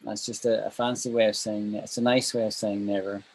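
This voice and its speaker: A man's voice: on the low side, little pitch movement, a little fast, creaky, a little hiss or hum, poor audio. A man teaching an online English class, chatty and emphatic, repeating phrases for stress.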